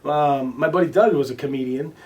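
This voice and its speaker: A man being interviewed as a guest, telling stories casually, with many restarts and fillers, now and then swearing and loudly acting out what others said. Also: a little high, a little fast, distant mic, lo-fi sound. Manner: swears casually and acts out quoted lines loudly. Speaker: interview guest, recording artist. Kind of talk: casual storytelling in conversation.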